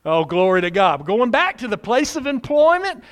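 A middle-aged man preaching a sermon, putting questions to the congregation and answering them, swinging between loud exclamations and quiet asides. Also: very high-pitched, big pitch swings, normal speed, clear, resonant tone. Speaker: pastor.

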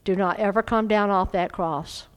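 Woman, preacher, sermon, fervent, emphatic, loud exhortation. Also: medium pitch, steady tone, normal speed, clear, resonant tone, low-quality recording.

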